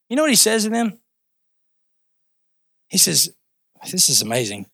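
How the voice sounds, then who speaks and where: High-voiced, gravelly impassioned preacher man. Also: very animated, normal speed, long pauses, fairly bright tone. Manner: impassioned, conversational preaching with rising emphatic peaks and asides. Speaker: pastor. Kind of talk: sermon.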